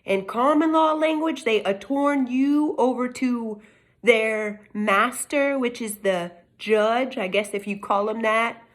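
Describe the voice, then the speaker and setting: A middle-aged woman speaks to camera in a put-on Texas drawl, folksy and emphatic. She lectures with rhetorical questions in a fairly high voice. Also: slow. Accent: Texas Southern US, put on. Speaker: self-made legal commentator. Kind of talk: casual monologue to camera. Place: home in California.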